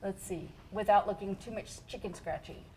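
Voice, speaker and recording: A woman's voice: mid-range voice, moderate pace, a little mellow, slight background noise. A woman music educator in a studio, explaining rhythm to a child in a chatty, encouraging way.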